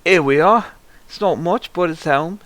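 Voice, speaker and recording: A man's voice: moderate pace, a bit bright, lightly acted. Auntie Martha, man doing a cheery old auntie. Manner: fussing, sing-song, high put-on voice. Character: cheery kindly older woman, fond auntie type.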